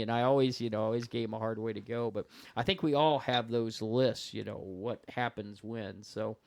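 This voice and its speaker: An animated man telling stories on a podcast as a guest investigator, jumping into the voices of the people he quotes. His pitch sits in an ordinary middle range. The sound is dry and close, with little room around it. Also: brisk, hardly any pauses, no echo. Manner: animated storyteller who acts out quoted voices. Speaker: guest paranormal investigator and author. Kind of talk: casual storytelling chat.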